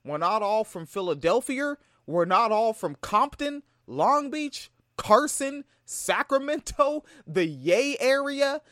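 A man's voice: extremely high pitch, very animated, slow, few pauses, fairly bright tone, no room sound, clean studio sound. Heated profane man ranting. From Tacoma, Washington. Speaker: video commentator. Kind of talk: reaction commentary.

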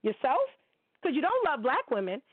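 A woman in her forties hosts a ranting commentary show, blunt and full of profanity as she calls people out. Her voice sits a little high and comes through thin and tinny, like a phone line. The sound is dry, with no room around it. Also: wildly swooping pitch, moderate pace, no room sound. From United States. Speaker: podcast host.

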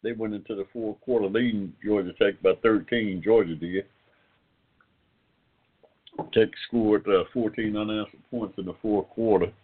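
A man's voice: on the low side, fairly even intonation, normal speed. An older man, hosting a casual internet radio talk show in a rambling, folksy way. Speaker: host. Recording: phone-like call-in line.

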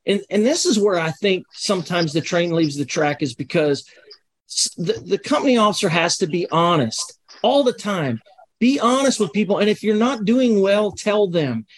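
Direct man with a high voice. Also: lively intonation, moderate pace, no room sound. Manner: direct, emphatic when making points. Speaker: panel guest, fire officer. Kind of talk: casual panel discussion.

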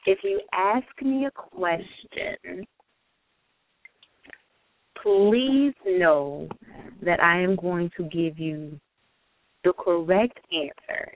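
Woman talking real slow and pointed, lowish voice, phone-line sound with a bit of hiss. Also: no room sound. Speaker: panelist. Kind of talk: casual chat. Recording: tinny phone-like line with faint noise.

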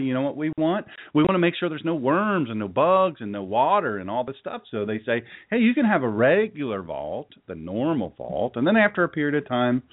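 A man's voice: mid-range voice, phone-quality sound. A man preaching a sermon to a live audience, folksy and joking, rambling through stories between laughs. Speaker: pastor.

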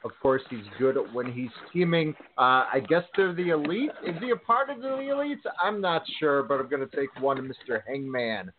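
A man joining a podcast as a guest in casual chat, hesitant and halting as he talks. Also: mid-range voice, very animated, a little hiss or hum. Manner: hesitant, halting, full of restarts. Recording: tinny phone line.

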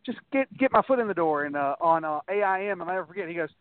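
A man's voice: high-pitched, animated, quick pace, no echo. A man, a guest, telling rambling anecdotes in a casual interview, often restarting his sentences and acting out what others said. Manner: rambling anecdotes with many restarts and acted-out quotes. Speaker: guest, wrestler. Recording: tinny phone-like, dry sound.

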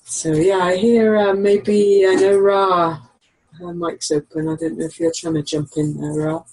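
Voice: mid-range voice, little pitch movement, unhurried, a little mellow, poor audio. A co-host chatting casually from home in an easygoing, rambling way with frequent chuckles. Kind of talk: casual call-in chat. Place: home with dogs nearby.

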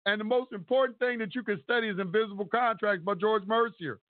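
A man's voice: high-pitched, fast, dry recording. Man, caller, profane, rambling, emphatic, dry phone-line audio. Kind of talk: casual call-in rant.

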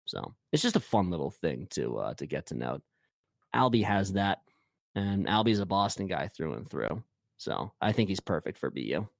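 A man talking hockey in a loose, rambling way, often stopping to restart his sentences. His voice sits low and the recording is dry and close, with no room sound. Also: sing-song, normal speed, gravelly, dry recording. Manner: rambling, with frequent fillers and restarts. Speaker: podcast co-host. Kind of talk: casual hockey chat.

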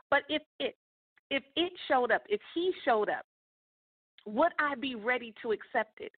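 A woman with a fairly high voice talks through her podcast like a success coach, chatty and a little preachy, calling out to her listeners. The sound is thin and tinny like a phone line. The room is dry. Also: moderate pace, no room sound. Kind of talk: casual motivational talk.

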